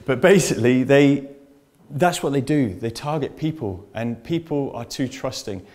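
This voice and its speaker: A man's voice: medium pitch, moderate pace, a little mellow. A man giving a conference presentation on information security to a live audience, talking in a chatty, anecdotal way. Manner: chatty anecdotal storytelling, addresses audience directly.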